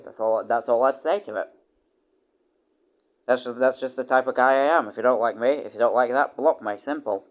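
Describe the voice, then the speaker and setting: Speaking a little fast over dull-sounding audio, a man chats aimlessly on a livestream. He swears freely, keeps stopping and starting over with repeated words, and bursts into loud, excited leaps in pitch.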